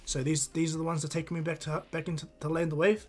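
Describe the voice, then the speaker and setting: A man's voice: a little high, flat delivery, fast talker, darkish tone, faint music behind, close to an everyday voice. A man voicing a sobered-up middle-aged male bridge builder, humble and grateful.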